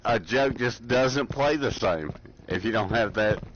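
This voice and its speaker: A man's voice: mid-range voice, lively intonation, unhurried, noisy background. A man with a Southern US accent chatting casually and joking during an online shooter game. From Southern United States. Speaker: gamer. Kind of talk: casual voice chat while gaming. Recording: lo-fi mic with loud game gunfire.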